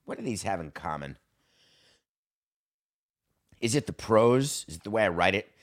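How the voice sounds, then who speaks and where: A man with a somewhat low voice hosts a solo sports podcast into a studio mic. He talks wryly and theatrically, dropping dry asides and then hamming it up. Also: sing-song, moderate pace. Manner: wry and theatrical, jumps between dry asides and mock-grand reading. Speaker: podcast host.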